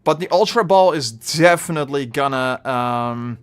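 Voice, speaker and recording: A man with a Dutch accent chatting through a live game stream, rambling and getting loudly frustrated at times. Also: mid-range voice, moderate pace, clean tone. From Netherlands. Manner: chatty, bursts of frustration, trailing off.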